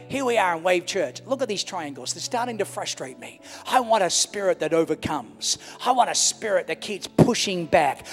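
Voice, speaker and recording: High-voiced pastor preaching in an echoey hall. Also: male voice, animated, moderate pace, hardly any pauses. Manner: impassioned preaching with repeated phrases. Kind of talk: sermon. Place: large church hall. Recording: echoey hall with faint music.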